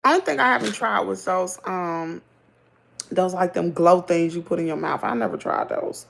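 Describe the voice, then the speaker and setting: Gravelly Southern woman chatting on a livestream. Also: fairly low pitch, moderate pace, a little hiss or hum. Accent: Southern American. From Southern United States. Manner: chatty, animated, laughs easily. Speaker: livestream host. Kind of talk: casual live chat reading comments.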